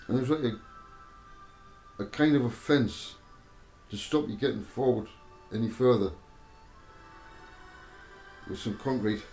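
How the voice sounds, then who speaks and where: A man telling a personal spiritual testimony, halting and repeating himself as he goes. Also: mid-range voice, darkish tone. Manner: halting, repeats words and restarts often. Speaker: storyteller giving a spiritual testimony. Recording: roomy echo with faint music behind.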